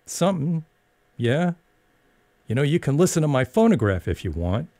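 A man voicing a shy, awkward young man who talks haltingly and trails off. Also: fairly high pitch, big pitch swings, warm tone, dry recording, voice pushed up. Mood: bashful.

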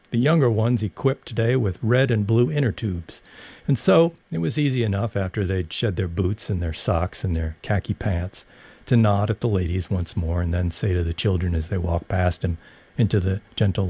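Narrating an audiobook, a man keeps to a calm, even storytelling pace. His voice sits on the low side, and the recording is dry.

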